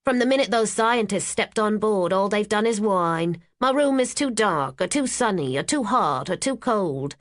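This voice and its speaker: A woman voicing a stern, sharp-tongued housekeeper in her fifties who talks in a blunt, grumbling way. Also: mid-range voice, moderate pace, hardly any pauses, pitched above the performer's own voice, natural voice. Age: 50s.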